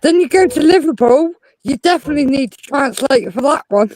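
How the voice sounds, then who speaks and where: A woman's voice: high-pitched, expressive, brisk, darkish tone, no echo, rough recording. A woman chatting on a live stream, talkatively explaining things with examples. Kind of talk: casual live-stream chat.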